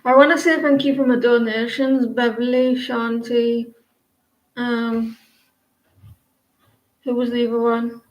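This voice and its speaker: A woman's voice: fairly high pitch, level tone, slow, long pauses, reverberant, dull audio. A woman in her forties giving a casual live-stream tarot reading, rambling and chatty, often restarting her sentences. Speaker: tarot reader.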